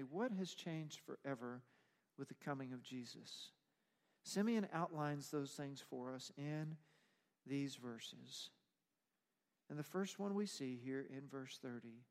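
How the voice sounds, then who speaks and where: Slow-speaking man preaching in a hall. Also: mid-range voice. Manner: emphatic, explanatory preaching. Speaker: pastor. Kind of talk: sermon. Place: church sanctuary. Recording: long reverb of a church hall.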